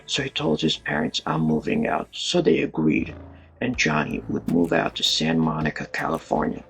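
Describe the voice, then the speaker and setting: A man's voice: extremely low pitch, very animated, normal speed, gravelly, a bit bright, soft background music. A man narrating a true-crime story in a casual, dramatic, colloquial way, acting out voices and sound effects.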